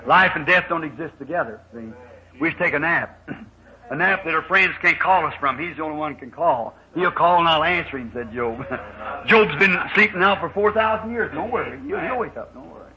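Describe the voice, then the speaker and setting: A high-voiced male preacher tells a story in a sermon in a folksy way, breaking into shouted lines as he acts out the people in it. His tone is very bright and sharp, and the recording has a dull, muffled band. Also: animated, brisk. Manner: folksy storytelling, acting out dialogue with shouted high-pitched bursts.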